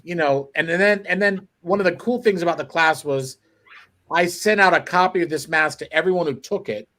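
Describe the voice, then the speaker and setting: A man's voice: fairly high pitch, fairly quick, sharp tone. A man chatting as a guest on a talk show, rambling and correcting himself as he tells stories. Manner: rambling, self-correcting storyteller. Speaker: guest sculptor. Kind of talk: casual chat.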